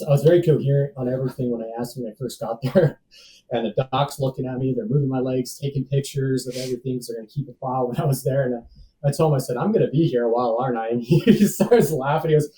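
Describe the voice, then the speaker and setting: Man with a very dark voice. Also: medium pitch, quick pace, distant mic, slight background noise, poor audio. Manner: laid-back, acts out dialogue, says "dude" and "man" often. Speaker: podcast guest. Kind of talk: casual personal storytelling.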